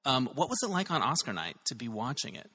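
A man hosting a conversational interview over a video call, chatty and quick to react to his guest. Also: medium pitch, very animated, bright, forceful tone, husky. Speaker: podcast host.

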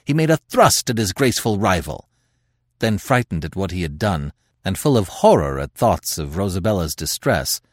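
A man hosting a podcast, narrating a classic tale in a dramatic, expressive reading with swelling emphasis. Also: low-pitched, dry recording, clean studio sound.

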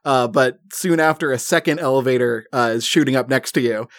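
A man's voice: medium pitch, brisk, fairly bright tone, no echo, clean studio sound. A man narrating as game master of a comedic tabletop game, with frequent laughs and filler words. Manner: laughing often, filler-heavy storytelling.

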